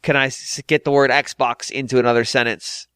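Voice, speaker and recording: A man hosting a podcast, chatting casually with quick jokes and asides. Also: medium pitch, smooth, no room sound, studio quality. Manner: animated, jokey, quick asides and impressions. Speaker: podcast host. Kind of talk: casual comedic podcast chat.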